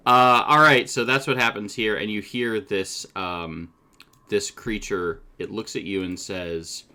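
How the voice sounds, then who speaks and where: A man running a tabletop game as game master, chatty and loose in his narration and quick to laugh. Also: lowish voice, fairly even intonation, bright, forceful tone.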